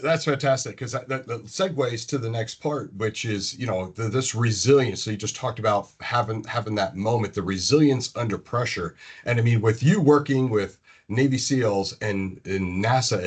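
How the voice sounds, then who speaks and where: A man's voice: on the low side, normal speed, slightly rough. A man hosting a conversation, chatty and encouraging his guest. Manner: chatty, backchannels often. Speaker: host. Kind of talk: conversational interview.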